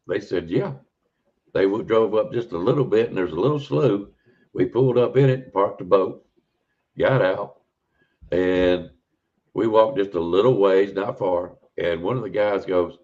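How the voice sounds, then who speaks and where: A man's voice: fairly low pitch, a little slow, long pauses, a little mellow. A man, a podcast guest telling a rambling, folksy encounter story in a casual way. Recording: dull lo-fi audio.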